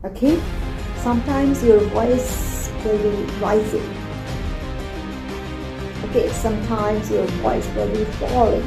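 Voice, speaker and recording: A woman's voice: medium pitch, steady tone, slow, creaky, long pauses, reverberant, music in the background. A woman English teacher giving a spoken English lesson, talking emphatically and often checking in with "okay?". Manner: emphatic, sing-song demonstrations, frequent "okay?" check-ins.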